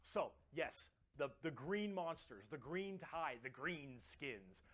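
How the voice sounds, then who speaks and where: Man, fairly high-pitched, excitable casual explainer, swears a lot, hammers words through repetition. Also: slow. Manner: animated and profane, repeats words for emphasis. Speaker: tabletop wargame explainer.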